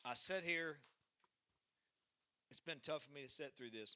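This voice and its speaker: A man giving an impassioned closing address at a live church gathering in a converted barn, moving from loud declarations to hushed, emotional passages. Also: a little high, unhurried, long pauses. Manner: fervent, preacherly, swings from loud to hushed. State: emotional, voice thick.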